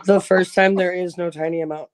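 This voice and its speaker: Dry, deadpan Minnesotan woman. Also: on the low side, a little fast, dry recording. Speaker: livestream guest. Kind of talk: casual group chat.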